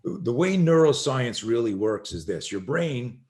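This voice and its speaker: A middle-aged man, a self-defense instructor, telling an animated story as a podcast guest and acting out the voices of the people in it. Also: medium pitch, a little slow. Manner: acts out quoted voices, swearing, emphatic.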